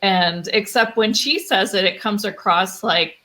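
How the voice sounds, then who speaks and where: A woman's voice: mid-range voice, pushed and bright. A woman calling in to a talk show as a mother seeking advice, hesitant and trailing off. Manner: hesitant, trails off, quick to laugh. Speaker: caller, mother asking for advice. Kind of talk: casual chat.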